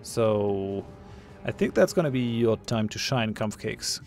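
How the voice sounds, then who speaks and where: Gravelly guy muttering his way through a game, faint music behind. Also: on the low side, animated, measured pace, a little mellow. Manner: thinks aloud, mutters, laughs at his own jokes. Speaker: gamer playing a ship combat game. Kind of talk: casual gameplay commentary.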